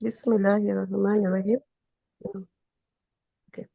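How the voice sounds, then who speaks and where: A woman's voice: mid-range voice, little pitch movement, a little slow, creaky, pauses often, mellow, no room sound. A female student reciting a grammar table steadily, line by line. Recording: dull lo-fi line.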